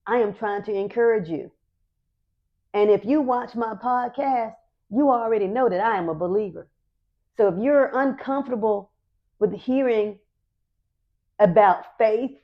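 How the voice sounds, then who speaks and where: A woman's voice: a little high, dull audio. A middle-aged woman hosting a podcast, giving an earnest, encouraging faith talk and repeating her key phrases for emphasis. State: emotional, near tears. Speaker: podcast host.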